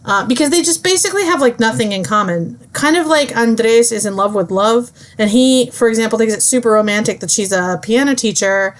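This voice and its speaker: A young woman student giving a chatty, casual book summary, full of fillers. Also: mid-range voice. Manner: chatty, lots of fillers, breezy.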